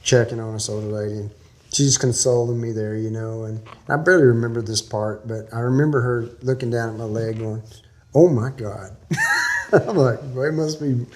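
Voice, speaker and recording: A man's voice: medium pitch, fairly even intonation, fairly quick. A man from Texas, a guest in an interview, telling a long story in a folksy, rambling way with small laughs.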